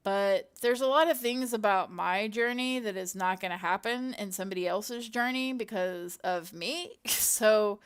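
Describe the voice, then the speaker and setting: A middle-aged woman in her home, cat nearby, keeps up a casual, rambling chat with her viewers while working on her computer, talking to herself and leaning on fillers. As a content creator, she speaks in a smooth, mid-range voice, unhurried and with few pauses.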